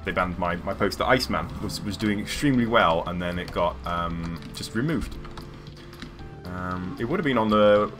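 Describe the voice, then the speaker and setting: This man's voice sits low, and he speaks at normal speed while live-streaming a game with music in the background. He rambles casually, hesitating often with lots of ums and restarts.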